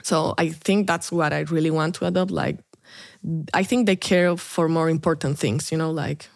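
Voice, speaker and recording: A woman's voice: low voice, fairly even intonation, normal speed, gravelly, no echo, clean studio sound. A Colombian-born woman in her twenties, a native Spanish speaker, chatting casually as a podcast guest, laughing often and using lots of fillers. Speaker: interview guest, international student. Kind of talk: casual interview chat.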